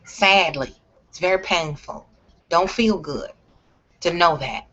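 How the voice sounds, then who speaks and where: A woman's voice: on the low side, slow pace, a bit bright, dull audio. A woman talking straight to camera in a blunt, profane, emphatic rant. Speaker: vlogger. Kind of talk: ranting vlog monologue.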